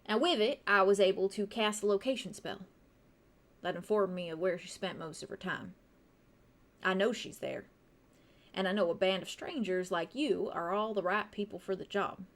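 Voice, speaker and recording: A woman voicing a grieving middle-aged male scientist who talks in a courteous, measured and coaxing way. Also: medium pitch, natural voice. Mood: persuasive.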